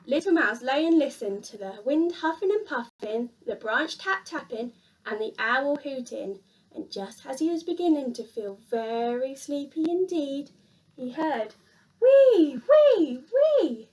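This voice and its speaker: A woman reading a children's picture book aloud in an expressive, sing-song storyteller manner. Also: high voice, unhurried, far from the mic.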